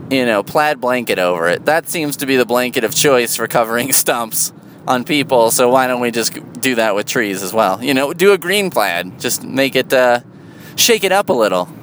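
A man in a casual, rambling monologue, sardonic and full of swearing, jumping into a high, loud voice for emphasis. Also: animated, normal speed, slight background noise.

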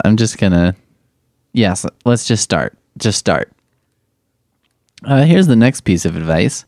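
A man's voice: fairly low pitch, a little mellow, no room sound, studio quality. A man hosting a podcast, sarcastically mocking other shows and swearing as he goes. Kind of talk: casual commentary.

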